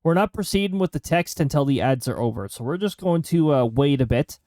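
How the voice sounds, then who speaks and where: A man's voice: on the high side, animated, fairly quick, warm tone, no room sound. Joking man streaming a game, dry sound. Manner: joking, chatty, reading game lines aloud. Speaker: streamer playing a role-playing game. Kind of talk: casual gameplay commentary.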